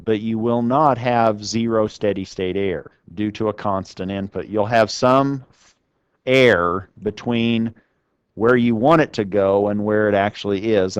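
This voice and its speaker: A man lecturing a class, with a smooth, clear voice recorded dry and close. He talks in an easy conversational way, often stopping to ask the students questions. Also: lowish voice, unhurried, no room sound, highs cut off. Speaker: university lecturer. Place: lecture room.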